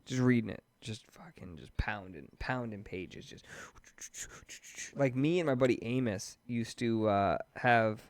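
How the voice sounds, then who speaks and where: Lively thirty-something podcast co-host. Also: male voice, medium pitch, unhurried, no echo. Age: 30s. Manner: animated storyteller, laughs often, lots of "like" and "dude". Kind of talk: casual chat.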